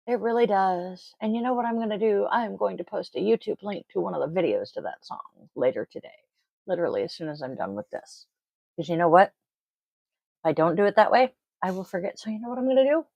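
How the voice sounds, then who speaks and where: A woman's voice: medium pitch, lively intonation, moderate pace, creaky, a little mellow, dry recording, low-quality recording. A woman hosting a daily tarot and oracle card reading, talking casually with blunt swearing and rambling asides. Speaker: tarot reader and host. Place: home, family audible off-mic.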